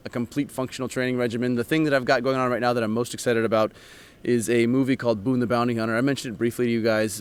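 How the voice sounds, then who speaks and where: A man chatting as a guest in an interview, easygoing and quick to laugh. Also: medium pitch, clear, resonant tone. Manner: easygoing, laughs often, loose filler-heavy phrasing. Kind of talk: casual interview chat.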